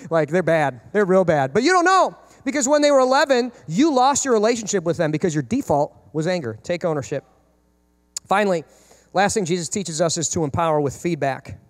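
A man in his thirties, a pastor preaching a sermon, animated and acting out quoted parents and kids. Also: high voice, a little fast, long reverb tail.

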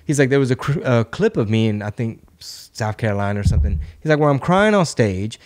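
A man's voice: mid-range voice, lively intonation, fairly quick, a little mellow. Laid-back man retelling a long story. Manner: retells stories with many "he's like" quotes. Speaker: podcast host. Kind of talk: casual chat.

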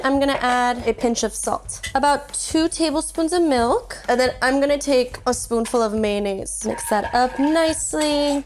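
Woman cook, upbeat and playful, cooking demo, fairly high voice. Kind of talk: cooking demonstration.

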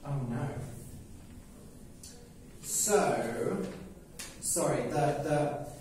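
A man telling a simple story slowly for English learners, often repeating words and checking that listeners follow. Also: mid-range voice, animated, a little mellow, slight background noise. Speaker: English teacher. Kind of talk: slow story-telling lesson. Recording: echoey room, mic at a distance.

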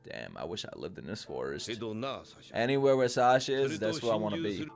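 A young man reacting to an anime episode, excitable and profane, yelling at the characters on screen. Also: on the low side, brisk, creaky. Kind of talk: live anime reaction commentary. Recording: music from the show playing behind.

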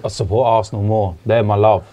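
A man's voice: lowish voice, steady tone, fairly quick, warm tone. A man from England in a casual podcast chat, talking bluntly and passionately and swearing freely. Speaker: podcast guest.

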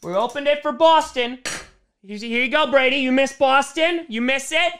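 A man reacting live to a football game, swinging from shouted cheers to deflated groans. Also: very high voice, normal speed, a little hiss or hum. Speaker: sports fan vlogger reacting live.

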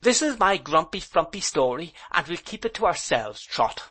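A man's voice: fairly high pitch, big pitch swings, moderate pace, sharp tone, pitched above the performer's own voice, exaggerated voice. A man reading an audiobook, voicing a proud older aunt who is indignant and emotional. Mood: rueful. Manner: emotional, reproachful, then composed and rueful. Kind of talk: audiobook character voice.

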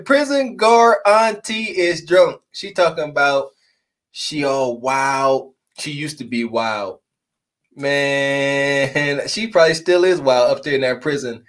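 A man's voice: mid-range voice, fairly bright tone. A man in his forties who co-hosts a podcast, reacting to a clip with blunt, mocking jokes. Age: 40s. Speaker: podcast co-host. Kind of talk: reaction commentary.

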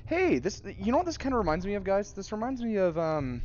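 A young man narrates his own fright as he plays, talking to himself and yelping when startled. His voice swoops up and down in a lively way, and it sits a touch high for a man. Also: fast talker, highs cut off, slight background noise. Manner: jumpy, exclaiming, nervous laughs, talks to himself. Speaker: friend trying a VR game. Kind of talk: live reactions while playing a horror game. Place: friend's home.

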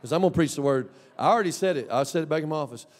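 High-voiced preacher shouting in a hall. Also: male voice, racing. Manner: swings between loud shouting and low mumbled asides. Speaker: pastor. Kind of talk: sermon. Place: church sanctuary. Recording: long church hall reverb.

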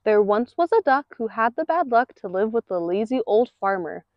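A woman reading a picture book aloud in an expressive, rhythmic way. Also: fairly high pitch, moderate pace, dry recording. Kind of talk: read-aloud storytelling. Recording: dull lo-fi recording.

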